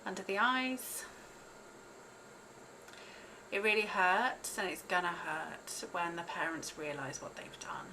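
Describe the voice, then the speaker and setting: A woman with a bright, forceful voice leads a guided tapping session. She calls out tapping points and blunt, profane phrases to repeat. A faint hiss sits under her voice. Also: fairly low pitch, fairly even intonation, slow pace, pauses often, low-quality recording. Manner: repeats phrases as tapping prompts, swears, laughs at herself. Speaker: host leading a tapping exercise.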